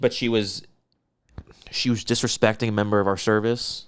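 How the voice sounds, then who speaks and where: A man's voice: lowish voice, flat delivery, moderate pace, clear, resonant tone. A man with a Northeastern US accent, co-hosting a podcast and telling stories in a profane, ranting way. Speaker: podcast co-host. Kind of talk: casual chat.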